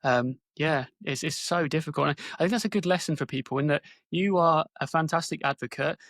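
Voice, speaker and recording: A man's voice: on the high side, a little fast, a bit bright, no echo, studio quality. A man hosting a podcast interview, reassuring and affirming his guest. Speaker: podcast host. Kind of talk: supportive interview.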